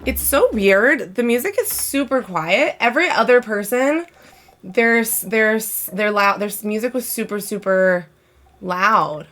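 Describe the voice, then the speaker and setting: A woman's voice: medium pitch, expressive, measured pace, a bit bright. A woman livestreaming from home, chatting casually and rambling to her viewers. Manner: chatty, rambling, talks to chat. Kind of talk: casual live-stream chat.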